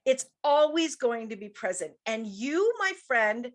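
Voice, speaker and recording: A woman's voice: fairly high pitch, big pitch swings, unhurried. A middle-aged woman hosting a motivational business show, talking emphatically and repeating her key points. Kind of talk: motivational talk show monologue.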